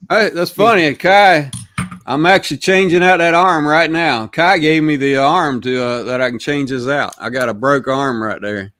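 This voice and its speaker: A man's voice: on the high side, normal speed, fairly bright tone. A middle-aged man hosting a casual chat, telling stories and laughing at his own jokes. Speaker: host.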